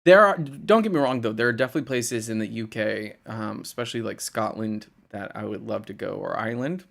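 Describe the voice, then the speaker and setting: A man's voice: on the low side, a little fast, vocal fry, fairly bright tone. A young man from the United States, chatting casually on a live stream, answering chat comments and rambling with lots of fillers and laughs.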